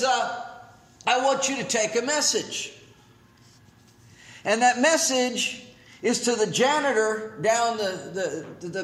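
A male pastor delivering a sermon with a very high voice. He preaches with animated swings in pitch and loudness and acts out little scenes. The room is roomy and echoing. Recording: echoey room.

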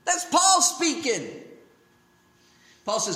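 A male pastor preaching a sermon in an animated way, his pitch swinging up and down as he acts out quotes. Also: a little slow. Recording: echoey room.

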